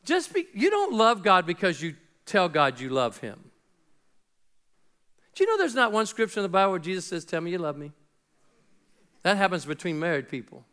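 A man's voice: high-pitched, sing-song, fairly quick, a bit bright. A middle-aged man preaching a sermon as pastor, talking conversationally and acting out little dialogues.

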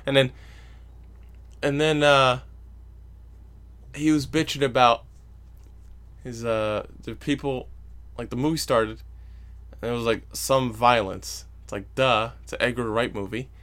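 A man hosting his own podcast, talking in a loose, swearing rant about his day. He sits at a medium pitch and jumps into loud, mocking voices when he quotes people who annoyed him. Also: measured pace, long pauses. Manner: profane, ranting, mocks others in loud voices. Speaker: podcast host. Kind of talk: casual solo podcast rant.

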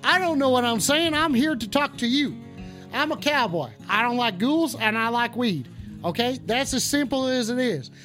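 Profane rambling cowboy-persona host. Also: male voice, very high-pitched, animated, moderate pace, bright, forceful tone, soft background music. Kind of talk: rowdy comedic rant.

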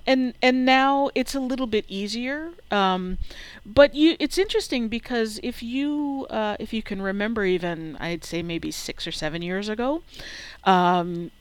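A woman's voice: mid-range voice, clean tone, no echo. A woman co-hosting a casual tech podcast, playful and laughing often as she explains. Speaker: podcast co-host.

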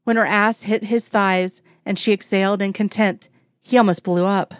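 A woman reading a romance story aloud in a steady, even storytelling voice. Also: mid-range voice, moderate pace, no echo, clean studio sound. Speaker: narrator.

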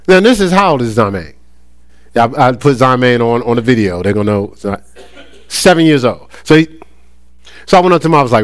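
A middle-aged man preaching a sermon, lively and conversational, often acting out playful voices. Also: medium pitch, brisk, no echo. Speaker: pastor.

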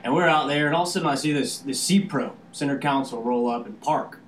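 A man's voice: medium pitch, fast talker, reverberant, recorded from a distance, a little hiss or hum. A man hosting a casual fishing podcast, telling rambling stories with lots of fillers. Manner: rambling storyteller, many fillers. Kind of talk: casual chat.

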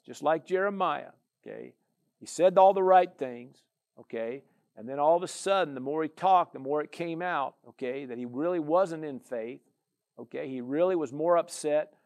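A man's voice: fairly high pitch, gravelly, darkish tone. A man preaching a sermon as a pastor, with a conversational style full of "you know" and "amen".

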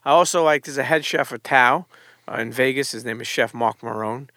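Bright-voiced man hosting a relaxed chat. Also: mid-range voice, fairly quick, no echo, studio quality. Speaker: podcast host. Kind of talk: casual podcast interview.

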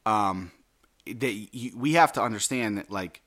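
A man's voice: on the low side, a little slow, a bit bright. A man co-hosting a casual TV recap chat, talking in a loose, profane and analytical way with many fillers.

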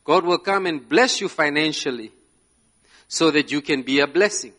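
A man's voice: on the high side, normal speed, fairly bright tone. A man preaching a sermon to a congregation, emphatic, often asking "yeah?" and laughing between phrases. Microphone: slides shown, speaking to a live congregation.

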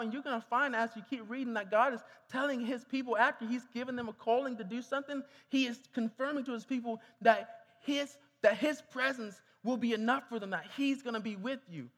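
A man's voice: very high voice, a bit bright. A man preaching a sermon, repeating phrases and calling on the congregation to answer back. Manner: repeats himself, calls on congregation to respond. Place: church hall. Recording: reverberant hall.

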